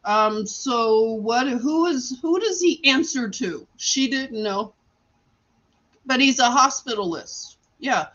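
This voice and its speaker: A woman's voice: on the high side, takes it slowly, fairly bright tone, highs cut off. A woman live streaming from a hospital room, telling a story in casual chat, laughing often and acting out what people said. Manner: chatty, laughs often, acts out quotes.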